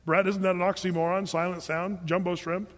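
A man's voice: high voice, flat delivery, brisk, a bit bright, a little hiss or hum. A man preaching a sermon, joking and acting out the voices he quotes. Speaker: pastor. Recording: long hall reverb.

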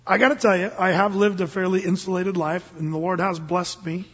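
A man's voice: sits high, fairly even intonation, brisk, hardly any pauses, breathy edge. An older man, a pastor, preaching a sermon in a casual, earnest way that rises suddenly into emphatic bursts. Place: church service. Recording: dull, long-reverb church recording.

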